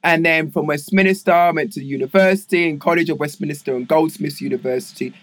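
Speaking quickly in a slightly high voice, a middle-aged London-accented guest from England spins long, meandering stories of his life. The interview is casual, and he's an animated storyteller full of fillers.

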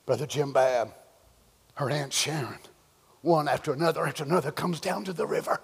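A man preaching a sermon, moving from hushed whispers to shouted cries as he acts out the voices he quotes. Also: fairly high pitch, moderate pace, vocal fry, long pauses, breathy edge, long reverb tail. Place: church.

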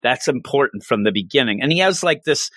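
Male co-host, animated and laughing, bright tone, dry close sound. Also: medium pitch, fairly quick, no echo. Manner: animated, laughing, acts out quotes. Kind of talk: casual chat recapping an episode.

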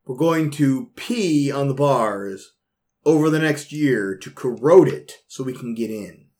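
A man's voice: mid-range voice, animated, a little slow, a little mellow. Player, man, mid-range voice, playful joker. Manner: joking, playful. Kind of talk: casual chat.

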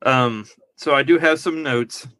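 Bright, chatty podcast dad. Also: male voice, mid-range voice, measured pace, no room sound. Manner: laughs at his own jokes, rambling. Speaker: podcast co-host. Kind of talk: casual movie review chat.

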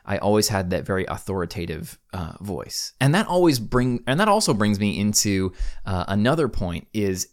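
A man's voice: lowish voice, sing-song, moderate pace. A man hosting a podcast, talking earnestly and casually with frequent fillers and self-corrections. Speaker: podcast host.

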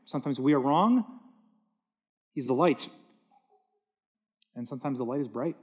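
A man's voice: mid-range voice, animated, normal speed, a little mellow, breathy edge. A man preaching a sermon from a church stage, earnest and emphatic, repeating words for stress. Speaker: pastor.

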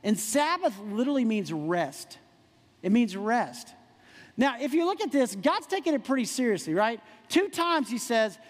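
A man preaching a sermon, animated, with quick asides and rhetorical questions to the congregation. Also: extremely high pitch, in a large hall. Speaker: pastor.

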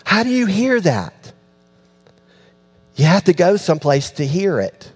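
Animated storytelling preacher, man. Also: sits high, measured pace, breathy edge. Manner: animated storytelling, acts out voices, dropping to near-hushed tones. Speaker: pastor. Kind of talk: sermon.

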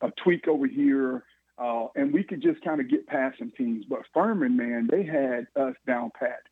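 A man, a former football player telling animated stories in an interview, chuckling often. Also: mid-range voice, breathy edge, no echo. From Georgia, USA. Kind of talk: storytelling interview. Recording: phone-like line, dry.

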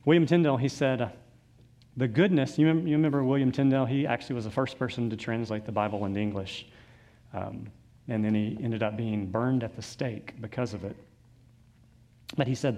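A man's voice: medium pitch, steady tone, fairly quick, warm tone. A man preaching a sermon, reading scripture aloud and adding loose conversational asides. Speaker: pastor.

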